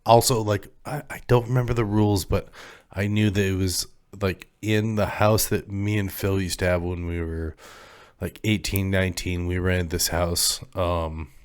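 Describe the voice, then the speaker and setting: A young adult man co-hosting a podcast in casual, rambling chat, laughing often and trailing off quietly. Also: low voice, steady tone, moderate pace, clear, resonant tone. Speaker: podcast co-host.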